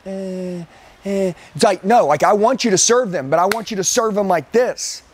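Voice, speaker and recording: A man's voice: sits high, lively intonation, brisk, slight background noise. A man coaching a room of sales trainees live. He talks intensely and emphatically, repeats his points, and often calls people "dude".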